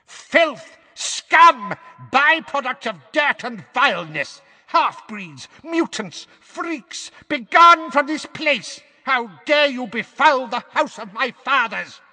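A man's voice: very high voice, flat delivery, slow, few pauses, bright, forceful tone, in a large hall, voice pushed up, heavily acted. A man voicing a hateful old woman in a portrait who screams insults in a piercing screech. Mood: furious screaming.

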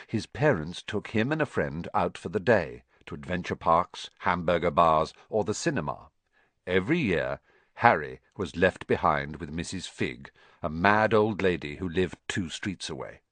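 Male storybook narrator, low voice, very lively delivery, dry close sound. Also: moderate pace, dry recording. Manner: expressive, dramatic reading. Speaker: audiobook narrator.

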